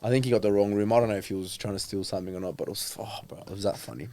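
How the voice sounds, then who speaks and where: Guest, young man, lowish voice, dry close mic, relaxed rambling storyteller. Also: rapid-fire, no echo. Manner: laid-back, rambling, lots of fillers and laughs. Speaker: rugby player guest. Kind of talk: casual chat.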